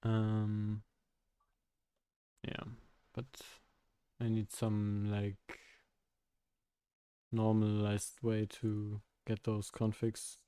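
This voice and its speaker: A young man chats with his viewers during a live coding stream, with a mellow voice. He thinks aloud, stops and restarts, and laughs often. The sound is dry. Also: on the low side, monotone, extremely slow, long pauses, clean tone, no room sound. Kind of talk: casual live-stream chat while coding.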